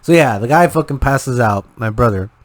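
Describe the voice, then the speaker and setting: A young man co-hosting a podcast, telling swear-filled stories in casual, animated chat. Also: medium pitch, normal speed, dry recording. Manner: profane, animated storyteller. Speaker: podcast co-host.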